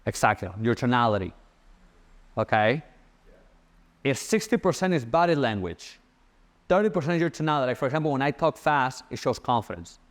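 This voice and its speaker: A young man giving a casual sales-coaching talk, fast and animated, repeating his key points. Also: medium pitch.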